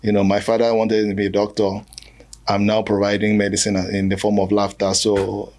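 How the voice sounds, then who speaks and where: This Nigerian comedian has a lowish voice and speaks at a moderate pace in a casual podcast conversation. He tells jokes and stories in a jokey, animated way, with voiced asides.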